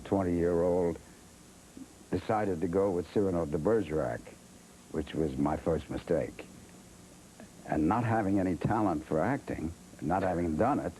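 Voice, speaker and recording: A man's voice: low-pitched, dark tone, a little hiss or hum, poor audio. An older man, a guest in a TV interview, telling stories about himself in a wry, self-deprecating way and acting out what others said. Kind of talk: anecdotal storytelling in a TV interview.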